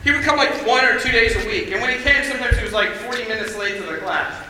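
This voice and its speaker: Bright-voiced man preaching in an echoey hall. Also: extremely high pitch, fast, slight background noise. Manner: conversational storytelling, rising to shouts. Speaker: chapel speaker. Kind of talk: sermon. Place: large chapel hall. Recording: echoey hall recorded from far off.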